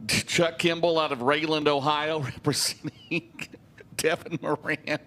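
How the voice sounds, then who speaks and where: Booth race caller, male, talkative and joking, somewhat raised pitch, light car noise underneath. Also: steady tone, a little slow, pushed and bright. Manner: chatty, laughs often, jokes with co-host. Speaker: booth commentator. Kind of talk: casual race commentary. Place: announcers' booth at a dirt track.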